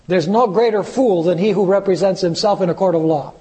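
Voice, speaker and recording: High-voiced man preaching a sermon. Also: a little mellow, long reverb tail. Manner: reads scripture aloud slowly, asks the audience questions.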